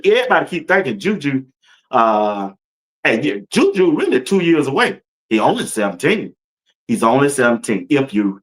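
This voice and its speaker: Male sports talk host, slightly high voice with a lot of swing, casual and chatty, quick to laugh, talks right to the audience. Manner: animated, laughs often, loose colloquial talk; addresses viewers and chat directly. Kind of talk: casual sports commentary livestream.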